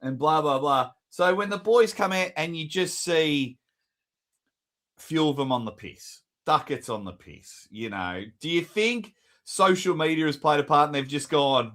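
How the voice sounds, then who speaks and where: Mocking man, lively, higher voice. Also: unhurried. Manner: mocking, teasing, rambling. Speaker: podcast co-host. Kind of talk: casual sports chat.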